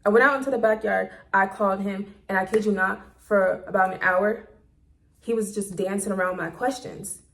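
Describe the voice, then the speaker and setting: A woman vlogger talks straight into her phone, recounting a personal story in a loose, casual monologue. She is candid and blunt and swears freely. Her voice sits at an ordinary pitch for a woman. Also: fairly even intonation, normal speed, fairly bright tone.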